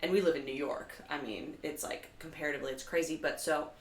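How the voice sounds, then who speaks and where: A woman co-hosting a live comedy show, telling animated stories in casual chat, her voice jumping high when she gets excited. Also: quick pace. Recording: echoey room, mic at a distance.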